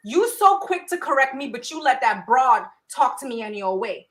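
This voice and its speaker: A woman's voice: sits high, sing-song, moderate pace, a bit bright, low-quality recording. A woman co-hosting a podcast with her husband, talking bluntly and heatedly in casual chat. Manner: blunt, heated, plain-spoken. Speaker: podcast co-host.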